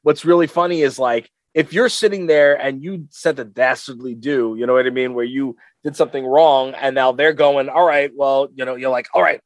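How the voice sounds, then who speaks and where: A man's voice: mid-range voice, steady tone, normal speed, few pauses, dry recording. A man co-hosting a podcast, chatting casually in a rambling, laid-back way with lots of fillers. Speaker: podcast co-host. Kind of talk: casual chat.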